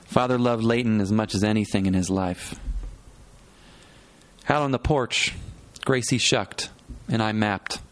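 Man reading a reflective first-person novel. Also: lowish voice. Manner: measured, reflective, phrase-by-phrase pacing. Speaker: audiobook narrator. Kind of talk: first-person literary narration.

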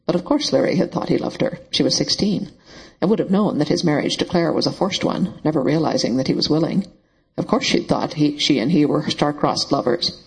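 A man narrating a novel in a steady, even storytelling voice. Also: a little high, gravelly, husky, rough recording. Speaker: audiobook narrator. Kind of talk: scripted narration.

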